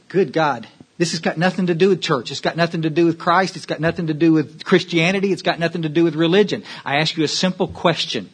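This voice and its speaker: A man's voice: fairly high pitch, fast talker, husky. A man speaking from a podium at a recovery meeting, emphatic and preachy, repeating words as he restarts and checking that the room follows.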